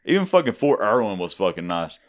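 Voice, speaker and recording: A man's voice: fairly low pitch, big pitch swings, a little fast. A young man co-hosting a podcast, swearing constantly in crude casual banter. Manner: profane, loud, swears constantly. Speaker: podcast co-host.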